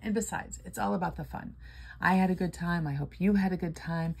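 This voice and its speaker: Scratching lottery tickets and calling out numbers, a playful older Florida woman chats in a fairly low, gravelly, husky voice at a slightly quick pace. She sounds sleepy and keeps yawning.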